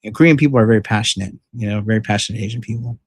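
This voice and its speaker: A man vlogging, retelling a rough experience in a rambling, profane, frank way with lots of fillers. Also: on the low side, very fast. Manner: frank and emphatic. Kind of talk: casual storytelling vlog.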